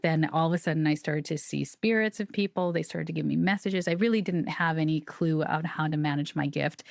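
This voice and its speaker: Low-voiced woman telling a story. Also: dry recording, clean studio sound. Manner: chatty, animated, acts out quoted dialogue, laughs often. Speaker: guest, psychic medium. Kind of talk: personal storytelling in a podcast interview.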